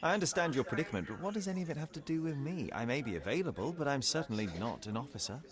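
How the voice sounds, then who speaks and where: A man doing a brisk, courteous gentleman detective. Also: mid-range voice, expressive, a loud crowd, close to an everyday voice.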